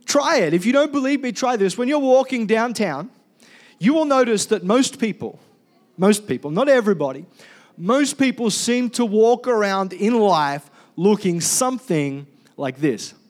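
A man preaching a sermon as pastor, animated and calling on the congregation to respond. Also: sits high, normal speed.

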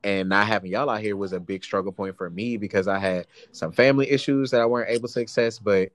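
A man's voice: fairly low pitch, quick pace, no echo. A young adult man co-hosting a podcast, talking earnestly in slangy casual chat. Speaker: podcast co-host.

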